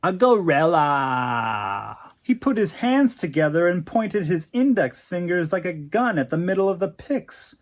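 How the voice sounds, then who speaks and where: A woman narrating a scripted oral history in an expressive, storytelling way. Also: on the low side, normal speed, hardly any pauses.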